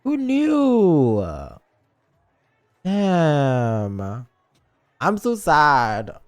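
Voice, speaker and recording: A man streaming a game live, reacting excitedly with gasps and sighs and reading dialogue aloud. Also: a little high, very slow. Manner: excitable, gasping, swings between squeals and sighs. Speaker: VTuber streamer.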